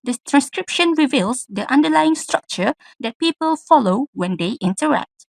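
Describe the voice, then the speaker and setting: A woman's voice: high-pitched, lively intonation, normal speed, gravelly, no room sound. A young woman from Malaysia, a university student, giving a class presentation and reading from slides. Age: young adult. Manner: reads from slides with acted example lines.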